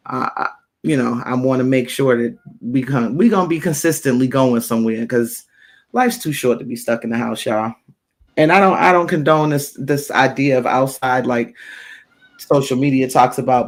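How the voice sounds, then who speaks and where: A woman co-hosting a podcast, chatting casually and telling stories with laughs. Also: a bass voice. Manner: laughing, animated storytelling. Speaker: podcast co-host. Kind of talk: casual chat.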